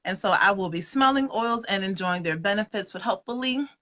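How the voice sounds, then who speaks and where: A woman's voice: mid-range voice, lively intonation, fairly quick, pushed and bright. A woman giving a casual, folksy livestream presentation on her webcam, chatty and full of fillers. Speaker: wellness presenter.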